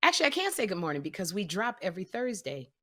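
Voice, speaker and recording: A woman co-hosting a podcast, talking in an animated, self-deprecating, storytelling way. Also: medium pitch, fast talker. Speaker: podcast co-host. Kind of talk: casual chat.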